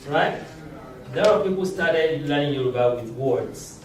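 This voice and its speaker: A man teaches a language class, in a fairly high voice and at a slow, patient pace. He chuckles often as he explains. His voice rings through a very echoey classroom and is picked up from a distance, with faint noise behind. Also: animated. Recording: very echoey room, mic far off.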